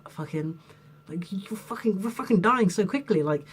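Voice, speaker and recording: A man's voice: sits high, expressive, normal speed, fairly bright tone, husky. A young man ranting to camera in a rambling, heated way, swearing often and filling his talk with "like". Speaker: vlogger. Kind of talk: unscripted rant to camera.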